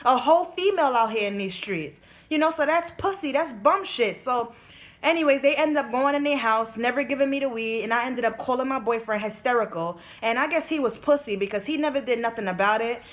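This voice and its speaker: A young woman tells a story to her vlog audience. Her voice sits a little high. She talks casually and emphatically, in thick slang with plenty of fillers. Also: brisk. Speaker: vlogger.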